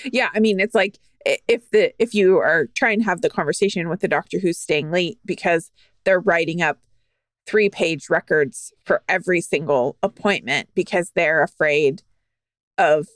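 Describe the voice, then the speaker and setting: A woman co-hosting a podcast, speaking casually and thoughtfully, with frequent fillers and bursts of quicker speech. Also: on the low side, dry recording. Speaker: podcast co-host.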